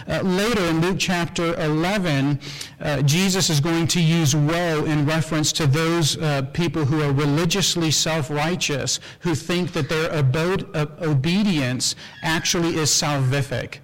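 Male pastor, a bit high-voiced, expository sermon delivery, rhetorical and searching. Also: measured pace, long reverb tail, rough recording. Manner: explanatory, rhetorical questions, frequent fillers.

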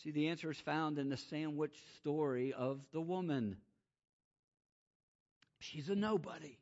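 A man preaching a sermon, swinging from loud, rising exclamations to quiet, hushed emphasis. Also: a little high, a little slow. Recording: muffled lo-fi sound.

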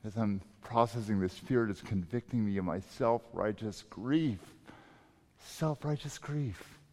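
A man preaching a sermon as pastor, emphatic and swinging between loud and soft delivery. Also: lowish voice, unhurried. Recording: long reverb of a large hall.

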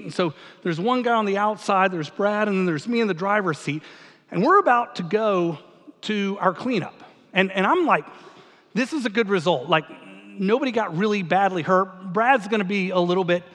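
Man, pastor, storytelling sermon, lively swooping pitch, long hall reverb. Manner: animated, acts out dialogue, laughs at own story.

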